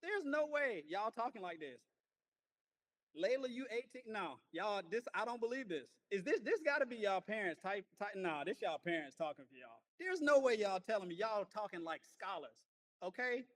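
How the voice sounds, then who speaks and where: A man of forty, teaching a class in a playful, animated way, praising and joking with his students. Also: sits high, moderate pace. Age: 40s.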